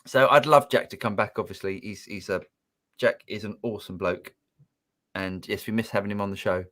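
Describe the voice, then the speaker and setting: A man's voice: on the low side, brisk, a bit bright. A man co-hosting a live music Q&A stream, upbeat and reading out viewer comments and questions. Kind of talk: casual live-stream chat.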